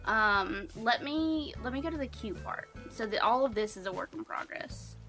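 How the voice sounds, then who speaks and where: A young Southern woman from Alabama chats casually with her livestream viewers during gameplay, reading chat aloud and filling her speech with ums and likes. Her fairly high voice is pushed and bright, with lively intonation and a moderate pace. Soft music plays in the background.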